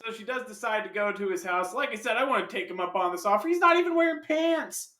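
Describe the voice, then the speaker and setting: A man's voice: high-pitched, expressive, quick pace, sharp tone, roomy sound. A man giving a casual, jokey film review full of sidetracked asides.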